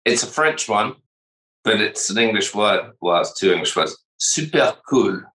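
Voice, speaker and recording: A man's voice: fairly low pitch, normal speed, sharp tone. A man co-hosting a casual chat show, crude and profane, joking about the guest. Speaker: co-host. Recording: roomy echo.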